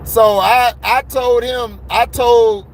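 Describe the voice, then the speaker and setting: A man with a high voice gives a blunt, excitable sports commentary, laughing between his points. He talks casually, straight to his viewers. Faint traffic noise hums behind him. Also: slow pace, low-quality recording.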